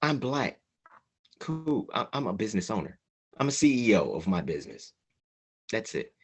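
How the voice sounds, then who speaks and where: A man's voice: fairly low pitch, very animated, moderate pace. A man co-hosting a casual group podcast, speaking bluntly and heatedly with heavy profanity. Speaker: podcast co-host.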